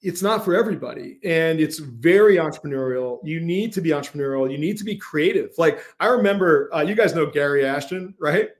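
A man's voice: fairly high pitch, brisk, few pauses. A middle-aged man, a podcast guest, chatting casually and telling stories with lots of fillers and restarts. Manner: animated storyteller with frequent fillers and restarts. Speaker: podcast guest, tech company CEO.

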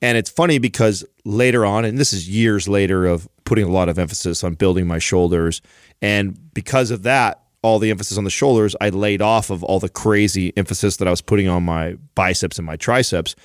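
A man's voice: lowish voice, steady tone, fairly quick, dry recording, clean studio sound. A man co-hosting a podcast, telling a rambling, self-mocking story in casual chat. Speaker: podcast co-host.

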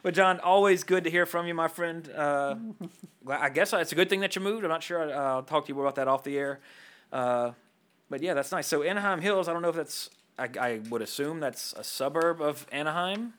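A man hosting a casual podcast chat, joking and animated. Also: on the high side. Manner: animated, joking, talks quickly. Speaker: podcast host.

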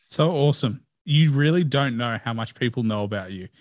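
A man's voice: mid-range voice, animated, brisk, darkish tone, no room sound, studio quality. A man hosting a casual interview, easygoing and enthusiastic, with loose phrasing. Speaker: podcast host.

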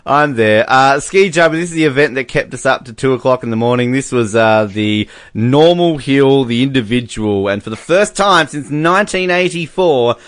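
A man's voice: medium pitch, expressive, moderate pace, hardly any pauses, a bit bright, no room sound, clean studio sound. A man from Australia casually reading sports results on a podcast. He jokes, laughs often and stumbles over foreign names. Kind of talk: casual chat.

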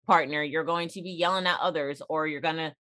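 A woman's voice: low voice, steady tone, fairly quick, bright, forceful tone. Earnest, encouraging woman guest. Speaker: podcast guest and mother. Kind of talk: casual chat.

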